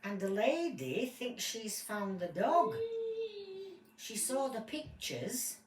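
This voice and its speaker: Lady doing a chatty court helper lady, slow and eager, echoey. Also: mid-range voice, very animated, recorded from a distance. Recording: roomy and from off the mic, faint ambience.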